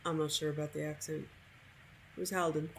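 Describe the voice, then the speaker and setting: A woman's voice: deep voice, flat delivery, normal speed, a little hiss or hum. A woman giving casual, opinionated commentary while she plays a video game, laughing often. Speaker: gameplay streamer. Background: game music.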